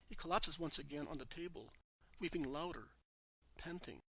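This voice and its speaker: A man narrating a devotional text in an earnest, measured manner. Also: fairly high pitch, bright, forceful tone, slightly rough, no room sound. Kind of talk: scripted devotional reading.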